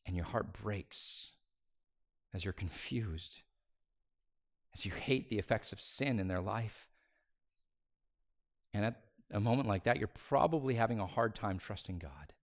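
Male pastor preaching with dramatic swings. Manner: dramatic swings from loud and high to hushed, near-whispered phrases; slows down on key words for emphasis. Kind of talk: sermon.

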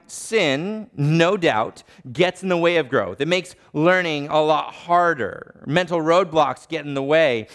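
A man in his thirties preaching a sermon in a church, reading scripture and teaching with deliberate, emphatic rises. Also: on the high side, fairly bright tone. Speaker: pastor. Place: church sanctuary.

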